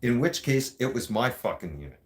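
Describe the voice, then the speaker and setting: A man's voice: mid-range voice, sing-song, normal speed. A man hosting a show, telling a story in a blunt, casual way, swearing constantly and talking straight to his listeners. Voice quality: blunt, heavy swearing, streetwise.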